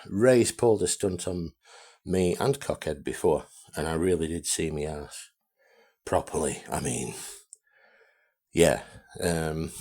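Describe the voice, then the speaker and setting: Man with a very deep voice for a blunt, profane vlog rant. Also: mellow. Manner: blunt, heavily profane, repetitive. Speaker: amateur radio vlogger. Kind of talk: ranting video monologue.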